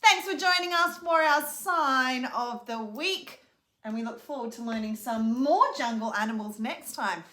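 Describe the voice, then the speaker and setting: A woman's voice: high voice, sharp tone. A young woman, a speech pathologist, leads a children's lesson, teaching hand signs and singing a simple animal song in a sing-song way. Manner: sing-song, slow and clearly paced for a child. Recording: roomy echo.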